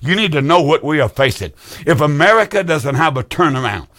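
A man's voice: fairly high pitch, sing-song, a little fast, a bit bright. A man, hosting a call-in radio show and preaching in an emphatic, repetitive, folksy way. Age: 70s.

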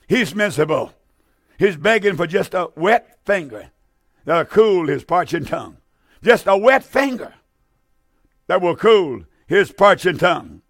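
A fervent man preaching with a high, urgent voice. He challenges his listeners directly and circles back over his own phrases. The sound is dry and close, with no room around it. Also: a bit bright, no echo. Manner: fervent, repeats phrases, stammering restarts. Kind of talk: fiery sermon.

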